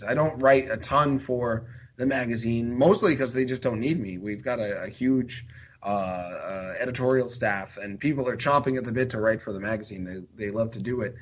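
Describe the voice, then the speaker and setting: A man's voice: medium pitch, slightly rough, dull audio. A man talking as a podcast guest in a rambling, chatty way full of fillers and restarts. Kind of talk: casual podcast chat.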